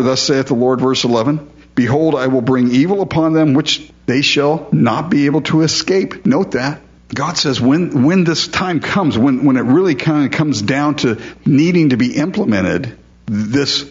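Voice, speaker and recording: A pastor preaching a sermon in a conversational style, repeating phrases for emphasis. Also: male voice, mid-range voice, muffled recording.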